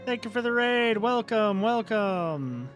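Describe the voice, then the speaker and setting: A man's voice: high-pitched, expressive, takes it slowly, faint music behind. A man streaming a game, chatting casually and sounding exasperated as he reacts to it. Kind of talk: casual live-stream commentary.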